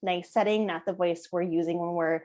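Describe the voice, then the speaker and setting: A woman's voice: fairly low pitch, fairly even intonation, normal speed, a little mellow. A woman in her thirties giving a presentation to parents. She talks conversationally, often checks in with "right?", and acts out short exchanges between parents and kids. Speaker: parenting educator.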